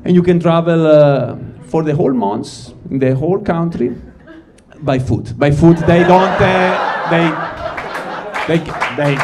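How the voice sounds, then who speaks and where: Heavy background noise surrounds this fairly high-pitched male voice, which moves at a moderate pace. He's a comedian from Ticino, Switzerland, rambling on a live stage, stopping himself mid-thought and referring to the crowd as "guys."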